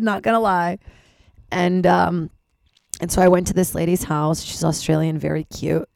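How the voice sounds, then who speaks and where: Give me a young woman host talking candidly and self-deprecatingly, her voice slightly worn and gravelly. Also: on the low side, steady tone, moderate pace, darkish tone, no echo, studio quality. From Los Angeles-based. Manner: rambling, self-deprecating, swears casually. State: slightly lost voice. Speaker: podcast host. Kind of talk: candid personal monologue.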